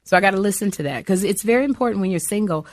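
Speaking rapid-fire in a medium pitch, this middle-aged actress and comic guests on a lively interview. She tells stories animatedly, performing the voices she quotes, and the studio sound is clean and dry.

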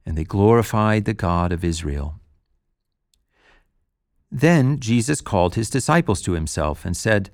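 Gravelly-voiced man reading scripture. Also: lowish voice, lively intonation, a little slow, pauses often, no room sound, studio quality. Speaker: scripture reader.

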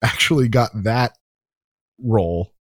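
A man's voice: mid-range voice, unhurried, no room sound, clean studio sound. A man co-hosting a podcast in casual chat, telling rambling anecdotes full of self-corrections. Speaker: podcast co-host.

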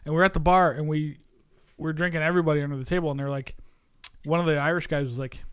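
A man's voice: a little high, fairly even intonation, fast talker, fairly bright tone, slight background noise. A man hosting a podcast in casual chat, rambling, laughing often and swearing freely. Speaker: podcast host.

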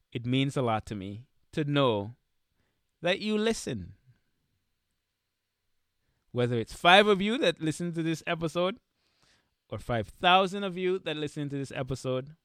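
A man hosting his own podcast, talking casually and heartfelt, slowing down and growing emotional as he thanks listeners, then hyping himself back up. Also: fairly high pitch, very animated, no echo, studio quality. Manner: heartfelt, slows down softly when grateful, then hypes himself up. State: getting emotional. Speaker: podcast host. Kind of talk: casual solo podcast talk.

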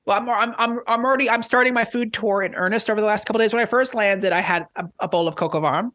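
Fast-talking, excitable man on a podcast. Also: sits high, no room sound. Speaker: tennis journalist and podcast guest. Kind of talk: casual podcast chat.

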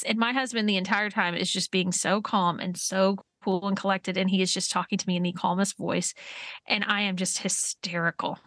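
A woman in her forties co-hosting a podcast, telling stories in a lively way and laughing as she talks. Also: medium pitch, normal speed, no room sound, clean studio sound. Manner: animated storyteller, laughs through her telling. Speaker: podcast co-host. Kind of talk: casual chat.

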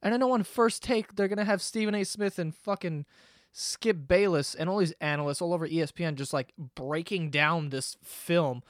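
A man's voice: high voice, a little fast, no room sound. Profane ranting young man, dry close mic. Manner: animated, profane, exasperated ranting. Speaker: podcast host. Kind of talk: casual monologue rant.

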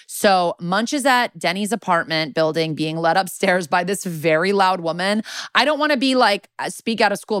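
A woman's voice: fairly low pitch, a bit bright, no room sound, clean studio sound. Casual sweary woman recapping an episode. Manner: casual, sweary, many "like" fillers. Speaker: podcast co-host.

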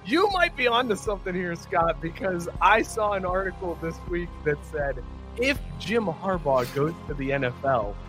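A man hosting a sports talk show, high-pitched and lively, with an upbeat, laughing manner. His voice has a bright edge, and faint music sits under it. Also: normal speed, low-quality recording. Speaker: podcast host.

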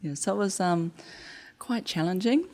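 NZ-accented woman, low pitch, game developer guest, lively storyteller acting out quotes. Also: moderate pace. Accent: New Zealand. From New Zealand. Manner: animated storyteller acting out quotes, laughs easily. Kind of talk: conversational interview.

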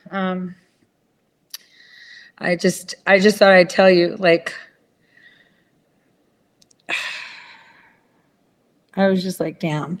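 Chatting casually, a woman goes off on a rambling, profanity-laced rant. When she mimics someone else, she shifts into a higher voice.

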